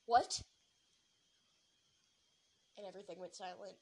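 High-voiced woman rambling through a story. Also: a little fast, a little hiss or hum, poor audio. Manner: rambling, excited, many restarts. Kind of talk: casual storytelling.

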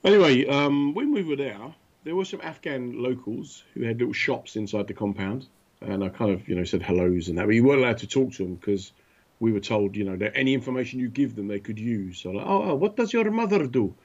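A man telling animated anecdotes in casual chat, acting out the voices of the people in his stories. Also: mid-range voice, brisk. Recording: dull lo-fi sound.

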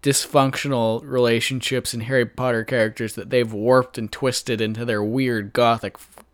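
A man's voice: medium pitch, level tone, moderate pace. A man co-hosting a comedy podcast, reacting with exasperated, sardonic comments. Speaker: podcast co-host. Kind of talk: casual comic banter.

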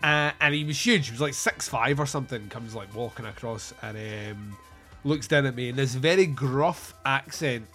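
A man's voice: mid-range voice, normal speed, bright, forceful tone, faint music behind. A Scottish man from Scotland chatting casually about films, rambling through anecdotes and swearing freely.

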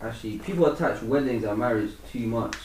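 A man, co-hosting a podcast in casual chat, relaxed and hesitant, often restarting his sentences. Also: medium pitch, brisk. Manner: laid-back, hesitant restarts. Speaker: podcast co-host. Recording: roomy distant mic, faint noise.

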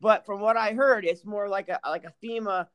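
A man's voice: high-pitched, moderate pace, smooth, dry recording. A man co-hosting a podcast, chatting casually and telling profane stories full of asides. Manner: profane, animated storytelling with asides. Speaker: podcast co-host. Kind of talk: casual chat.

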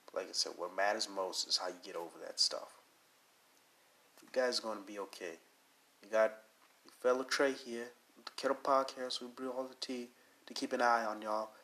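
A man's voice: lowish voice, fairly even intonation, normal speed, pauses often, bright, forceful tone. A man hosting his own podcast while sick with a cold, talking casually in a rambling, earnest and encouraging way with many fillers. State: sick with a cold, needs to blow his nose. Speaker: podcast host. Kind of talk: casual solo podcast talk.

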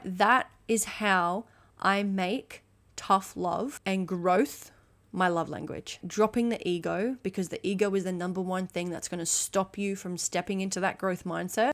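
Blunt, emphatic woman podcaster. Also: on the low side. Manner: emphatic, blunt, swears freely; acts out quoted dialogue. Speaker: podcast host. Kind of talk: motivational solo podcast.

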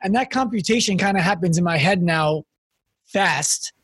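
High-voiced husky man hosting a podcast. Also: dry recording. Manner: lively storyteller, quick bursts. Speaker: podcast host. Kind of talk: casual conversational interview.

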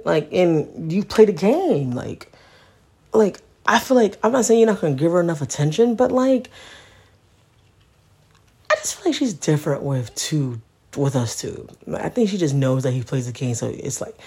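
A woman's voice: sits low, dark tone, slightly rough. A tired mother hosting her own podcast, venting in a casual, profane monologue and often asking listeners if they get what she means. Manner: profane, frustrated, keeps asking "you know what I mean".

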